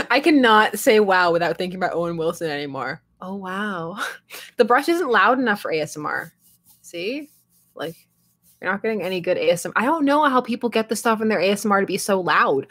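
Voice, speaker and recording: A woman's voice: medium pitch, very animated, moderate pace, long pauses, fairly bright tone, slightly rough. Young woman, live stream chat, giggly, rambling, laughs a lot, answers chat aloud.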